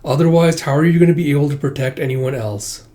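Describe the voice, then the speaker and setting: A man's voice: a little high, fast talker, dark tone, close to an everyday voice. A man doing a blunt, scolding female agent. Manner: dry, scolding.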